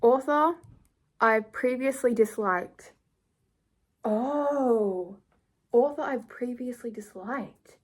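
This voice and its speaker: A woman's voice: fairly high pitch, takes it slowly, pauses often, husky. A nineteen-year-old woman chatting casually to camera as a book vlogger, rambling with giggly asides.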